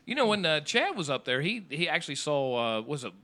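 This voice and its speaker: A man's voice: on the high side, very animated, a little fast, pushed and bright. A man hosting a casual podcast chat, joking and rambling with his co-hosts.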